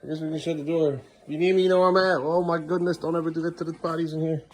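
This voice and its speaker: A man's voice: on the high side, flat delivery, racing. A man, a father, talking casually to his kids at home, coaxing and praising them as he goes.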